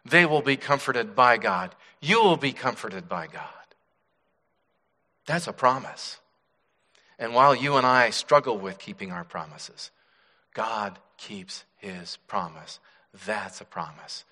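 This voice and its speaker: A middle-aged male pastor preaching a sermon, dropping to soft hushed tones and then rising with emphasis. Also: mid-range voice. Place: church sanctuary. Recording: church hall reverb.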